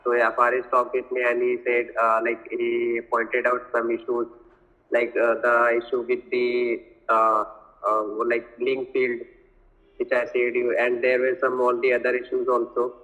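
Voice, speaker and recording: A man's voice: mid-range voice, completely flat delivery, measured pace, sharp tone, low-quality recording. A man, talking casually on a video call as an interview guest, hesitant and full of fillers. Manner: hesitant, many fillers and restarts. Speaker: interview guest, software developer.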